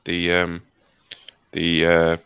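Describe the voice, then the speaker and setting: A man co-hosting a podcast over a video call, talking in a halting, rambling way with many restarts. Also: low voice, completely flat delivery, smooth, dry recording. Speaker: podcast co-host. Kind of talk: casual chat. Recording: muffled lo-fi call audio.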